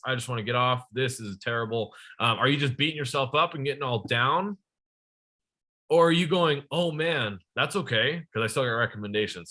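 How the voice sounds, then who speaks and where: Bright, energetic young male sales trainer. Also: medium pitch. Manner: energetic, addresses the audience directly.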